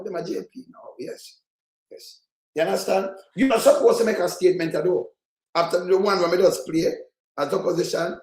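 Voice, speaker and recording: A high-pitched man with a thick Jamaican Patois accent rants at political clips, cursing and scolding without a pause. His voice rings out in an echoey room. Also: darkish tone. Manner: heated, profane, scolding rant. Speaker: political commentator. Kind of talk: reaction commentary on played clips.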